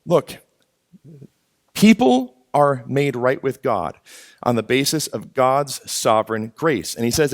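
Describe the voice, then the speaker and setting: A pastor preaching a sermon with emphatic, earnest delivery, repeating phrases to drive points home. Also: male voice, mid-range voice, lively intonation, slow, no room sound, studio quality.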